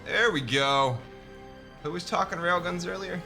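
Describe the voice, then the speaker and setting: A man commentating his live gameplay stream, animated and swearing, trash-talking the enemies. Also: high voice, measured pace, vocal fry. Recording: loud game music behind.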